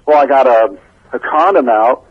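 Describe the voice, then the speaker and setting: Laid-back man calling in over a lo-fi phone line, slightly husky. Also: mid-range voice, moderate pace, no room sound. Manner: laid-back storyteller, laughs often. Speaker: band bassist, interview guest. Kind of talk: casual phone interview. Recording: dull lo-fi phone call.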